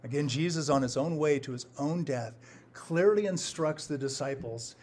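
A man preaching a sermon as a pastor, emphatic and repetitive, with his loudness rising and falling to stress his points. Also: fairly high pitch, normal speed, a little hiss or hum. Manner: emphatic, rises and drops in volume for stress, repeats phrases.

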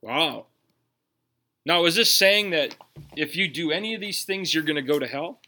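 A man's voice: a little high, lively intonation, moderate pace, pushed and bright. A man with a Minnesotan accent, preaching a sermon earnestly, with emphatic rhetorical questions. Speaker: pastor.

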